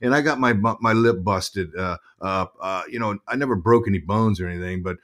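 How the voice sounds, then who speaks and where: A middle-aged man, a former ballplayer, telling stories as an interview guest in a lively, halting way that often repeats words. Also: fairly low pitch. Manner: animated storyteller, repeats words while thinking. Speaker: guest, former pro baseball player and broadcaster. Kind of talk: casual interview storytelling.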